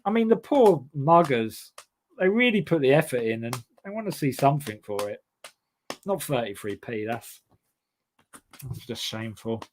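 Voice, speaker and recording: A young man from England hosting a casual comedy chat show, rambling and self-mocking with many halting restarts. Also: mid-range voice, very animated, a little hiss or hum. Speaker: host.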